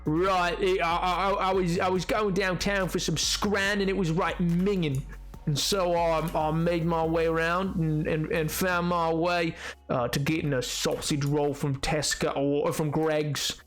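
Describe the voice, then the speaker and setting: A man's voice: on the high side, moderate pace, pauses often, darkish tone, faint music behind, natural voice. A man voicing a jolly mock-British young bloke, with exaggerated, chirpy put-on slang.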